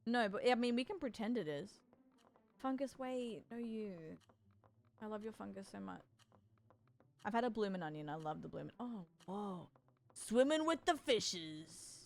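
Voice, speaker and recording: A woman's voice: mid-range voice, normal speed, vocal fry, long pauses, darkish tone. A woman streaming a game, chatting playfully and teasing her co-streamer. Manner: playful, teasing, jokey bits. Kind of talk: casual gaming stream chat.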